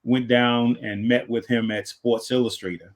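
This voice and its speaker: A man hosting a podcast, answering in slow, quiet, halting replies. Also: medium pitch, level tone. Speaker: podcast host. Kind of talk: casual interview chat.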